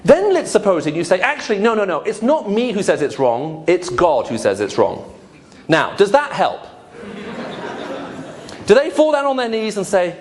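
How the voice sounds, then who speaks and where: A man's voice: high voice, wildly swooping pitch, moderate pace, background noise. A man giving a humorous lecture to an audience, asking rhetorical questions. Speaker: lecturer on apologetics. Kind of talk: lively lecture to a live audience.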